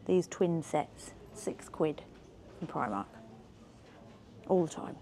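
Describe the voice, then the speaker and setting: A bubbly woman talks to a handheld camera, chatty and self-mocking. The audio carries clear background noise from the shops around her. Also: sits low, expressive, slow, warm tone. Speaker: vlogger. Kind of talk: casual vlog chat. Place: shops and office, in and out.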